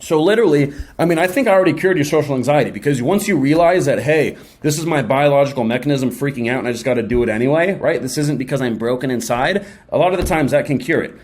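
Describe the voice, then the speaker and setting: A young man giving a casual motivational talk straight to his viewers, energetic and slangy, often acting out quick imagined exchanges. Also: medium pitch. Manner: energetic, slangy, acts out quick mock dialogues. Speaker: self-help video host.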